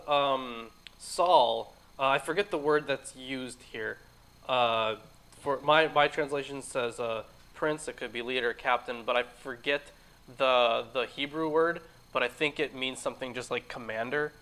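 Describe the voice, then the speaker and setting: A man's voice: mid-range voice, a little slow, fairly bright tone. A man co-hosting a casual group discussion, laid-back, laughing often and swearing offhandedly. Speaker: co-host.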